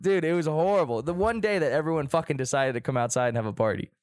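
A young man telling a story in casual chat, animated, laughing often and swearing heavily. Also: fairly high pitch, fast, no echo, studio quality.

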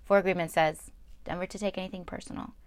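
A woman's voice: on the low side, fairly even intonation, fast, dry recording. Earnest young woman, dry close sound. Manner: earnest, confessional, repeats words for emphasis. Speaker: vlogger. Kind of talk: candid personal talk to camera.

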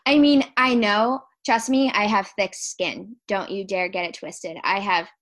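A woman's voice: medium pitch, fairly even intonation, a little slow, a bit bright. A young woman co-hosting a podcast, talking casually with lots of fillers and frequent laughs. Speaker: podcast co-host. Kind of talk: casual chat.

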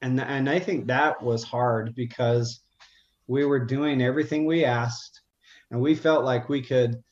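An earnest middle-aged man recounts a personal story in an unhurried, halting way, often restarting his sentences. His voice sits at an ordinary pitch. The recording has a roomy echo and a slightly dull, muffled top end. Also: fairly even intonation. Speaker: guest telling his story.

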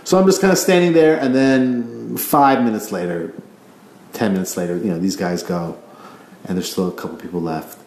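A man's voice: fairly low pitch, moderate pace, darkish tone. A man hosting a casual solo podcast, ranting in a rambling, profane way and stumbling over repeated words. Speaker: podcast host. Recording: echoey room.

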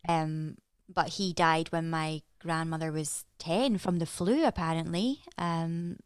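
A woman from Edinburgh with a Scottish accent, chatting as a podcast guest, lively and quick to laugh. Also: low voice, clear, resonant tone, dry recording, studio quality. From Scotland. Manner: lively, laughs often, playful. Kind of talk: casual podcast chat.

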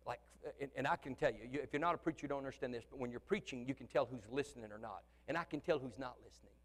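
A man preaching as the pastor of a church, in an animated style that swings from shouting to soft conversational asides. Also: medium pitch, very fast. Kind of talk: sermon. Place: church sanctuary. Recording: long church hall reverb.

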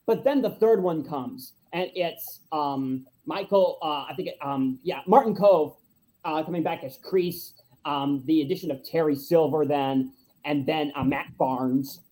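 A young man hosting a casual podcast, animated and quick to laugh while retelling favorite moments. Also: a little high, low-quality recording. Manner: animated, laughs easily, acts out quotes. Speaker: podcast host. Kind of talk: casual chat.

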